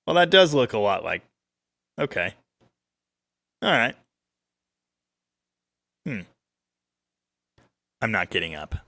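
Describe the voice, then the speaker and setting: A man's voice: lowish voice, takes it slowly, creaky, pauses often, no room sound. A man hosting a weekly car livestream, chatting casually and joking as he reads out viewer comments. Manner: rambling, joking, lively ups and downs. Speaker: livestream host. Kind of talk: casual live-stream chat reading viewer comments.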